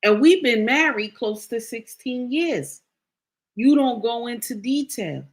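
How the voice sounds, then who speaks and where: A woman's voice: a little high, expressive, takes it slowly. A middle-aged woman telling viewers a personal story in a casual, emphatic way, repeating phrases and speaking to them directly. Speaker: vlogger sharing a personal story.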